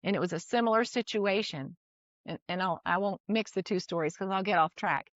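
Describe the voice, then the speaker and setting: A middle-aged woman, a guest, telling a personal parenting story in casual conversation. She talks in an animated way, often restarts her sentences and laughs between phrases. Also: medium pitch, a little fast, no room sound, highs cut off.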